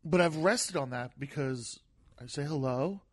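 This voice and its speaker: With a crowd audible in the background, a comedian guesting on a podcast speaks unhurriedly in a fairly high voice. He talks casually and gently, softer than he looks, often repeating words and restarting his sentences.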